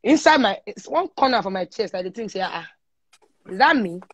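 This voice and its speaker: A woman's voice: medium pitch, brisk, breathy edge, no room sound. A young adult woman with a Nigerian accent, a singer, chatting casually in an interview and telling stories with bits of pidgin. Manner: lively storyteller mixing in pidgin. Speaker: singer guest. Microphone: phone on a live stream. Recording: dull lo-fi livestream audio.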